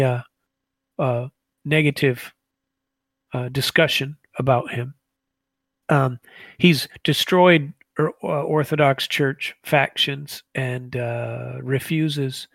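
A man giving a casual political commentary monologue, halting with many fillers and restarts. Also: mid-range voice, fairly even intonation, creaky, dry recording.

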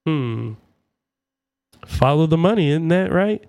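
A man's voice: on the high side, expressive, slow, vocal fry, darkish tone. A man hosting his own talk show, ranting in a profane, sarcastic and rambling way. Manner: rambling with fillers and asides. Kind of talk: political rant.

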